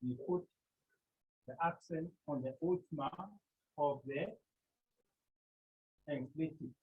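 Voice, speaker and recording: Man as Greek teacher, slow and repetitive, husky voice, tinny call audio. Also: a little high. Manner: slow, repetitive, with many pauses. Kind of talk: online language lesson. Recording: tinny phone-like line.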